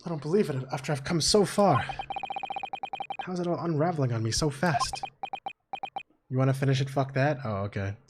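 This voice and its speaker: A man's voice: medium pitch, a little fast, long pauses, background noise. A man streaming a game, chatting casually and swearing, his voice strained and tired. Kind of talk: casual live-stream chat. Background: game music.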